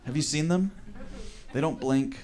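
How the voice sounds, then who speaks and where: A man doing a stand-up comedy set, telling a story in an animated way and acting out the people in it. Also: a little high, a little slow. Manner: animated storytelling with acted-out quotes. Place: comedy show with live audience.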